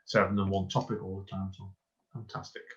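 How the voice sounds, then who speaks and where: A man's voice: low voice, little pitch movement, fast talker, a bit bright. A man hosting a podcast, chatting casually and heaping rambling praise on his guest, often restarting his sentences. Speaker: podcast host. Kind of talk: casual interview chat. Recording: dull lo-fi recording.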